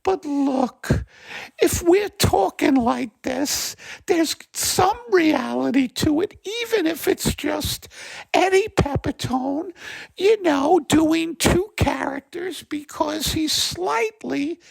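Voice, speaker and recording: A fretful middle-aged housewife, as a hoarse man puts her on in a comedy sketch, nagging and chatty. Her raised voice is gravelly and rough, and it swings widely and drawls slowly. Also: very high voice, dry recording, exaggerated voice. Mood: chiding, chatty. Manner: lively, nagging, talks over her husband. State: hoarse from bronchitis.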